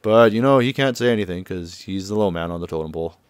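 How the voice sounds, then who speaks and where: A man's voice: sits low, animated, fast, clean tone, no room sound. A man casually recapping a video game, chuckling often and loosely paraphrasing the dialogue. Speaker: gameplay commentator. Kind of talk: casual let's-play recap.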